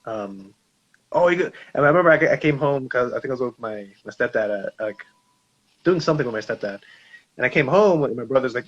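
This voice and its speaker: A man's voice: medium pitch, quick pace, slightly rough. A man co-hosting a discussion show, telling a personal story in a casual way and acting out the dialogue. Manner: animated storyteller, acts out quoted dialogue. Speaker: podcast co-host. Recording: slightly dull, lo-fi sound.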